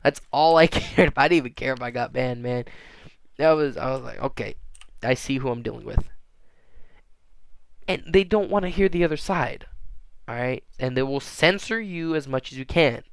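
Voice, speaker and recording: A man's voice: fairly high pitch, clear, resonant tone, no room sound. A man rambling through a casual monologue, often restarting and tagging on "all right?". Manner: halting, frequent restarts and fillers.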